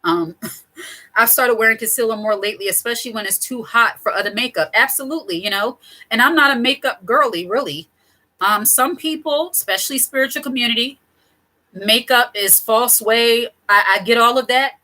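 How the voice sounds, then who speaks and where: Middle-aged woman host, chatty and digressive, bright higher voice, casual advice to camera. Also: moderate pace, rough recording. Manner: chatty, digressive, laughs often. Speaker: channel host.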